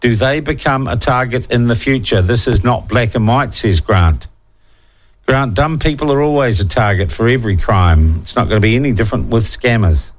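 A man's voice: mid-range voice, moderate pace. A male talkback radio host with a New Zealand accent, talking in a blunt, irreverent way. He chats through the issues of the day and reads out listener texts in an easy, opinionated tone.

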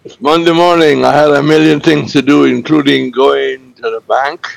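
A man presenting cricket scores on a radio show, halting, with many fillers, repeating figures slowly. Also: on the high side, steady tone, gravelly, low-quality recording. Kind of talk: radio sports news segment.

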